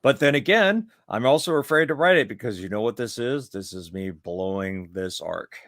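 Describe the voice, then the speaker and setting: A man's voice: on the low side, animated, normal speed, a bit bright, dry recording, clean studio sound. A man co-hosting a podcast on writing, thinking aloud in casual chat. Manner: thinks aloud, restarts sentences. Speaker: podcast co-host.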